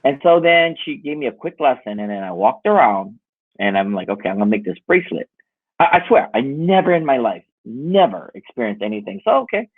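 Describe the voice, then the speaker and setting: Man telling lively stories over a tinny line. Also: medium pitch, a little fast, no room sound. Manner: animated, laughing storyteller with lots of voiced quotes. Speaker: musician and jewelry maker guest. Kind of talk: casual storytelling chat. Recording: tinny phone-like dry audio.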